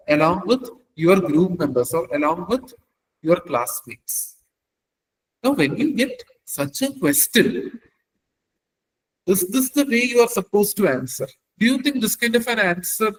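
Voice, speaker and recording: A man's voice: high voice, recorded from a distance, a little hiss or hum, low-quality recording. Indian man lecturing a class on interviews. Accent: Indian English. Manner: asks the class questions and repeats key phrases. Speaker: career trainer.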